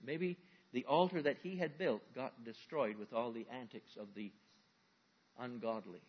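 A man's voice: mid-range voice, measured pace, slightly rough, muffled recording. A male pastor giving a sermon in a folksy, conversational way, full of everyday examples.

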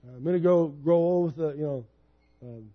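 A man's voice: fairly high pitch, brisk, phone-quality sound. A man in his fifties preaching a sermon in a personal, conversational storytelling way. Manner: conversational, personal storytelling, animated when retelling. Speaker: pastor.

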